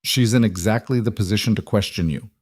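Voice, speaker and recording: A man's voice: fairly low pitch, a little fast, a little mellow, no room sound, clean studio sound, close to an everyday voice. A man reading a storybook aloud, voicing a stern, protective king who speaks in a hard, commanding way. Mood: dangerous, low.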